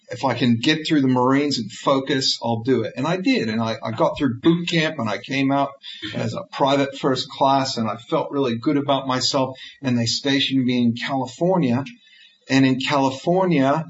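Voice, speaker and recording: American guy, middle-aged, telling his story straight, lots of uhs, kinda dull lo-fi sound. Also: medium pitch. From United States. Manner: frank, conversational, many fillers and restarts. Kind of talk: personal storytelling talk. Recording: dull lo-fi recording with faint noise.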